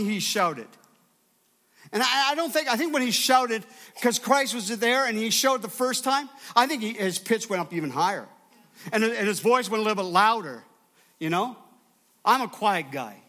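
A male pastor delivering a sermon in a high, bright voice. He preaches emphatically and keeps calling on the congregation to answer him. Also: animated, measured pace.

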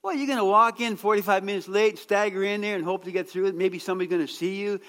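A middle-aged man preaching a sermon, chatty and joking, then rising to a shout as he urges people on. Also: high voice, steady tone, quick pace. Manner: conversational preaching that swings to shouted exhortation. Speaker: pastor. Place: church hall. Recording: long church-hall reverb.

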